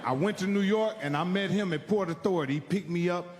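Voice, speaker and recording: High-voiced profane man telling stand-up stories. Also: fast talker, long reverb tail, noisy background. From Indiana, United States. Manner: profane, animated, acts out characters' voices. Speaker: stand-up comedian. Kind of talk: stand-up storytelling.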